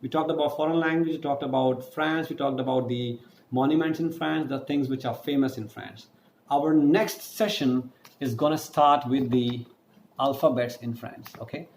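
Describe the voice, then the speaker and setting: A male teacher giving a recorded online French lesson, explaining slowly, spelling words out letter by letter and answering his own questions. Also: medium pitch, a little mellow. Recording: echoey room with faint noise.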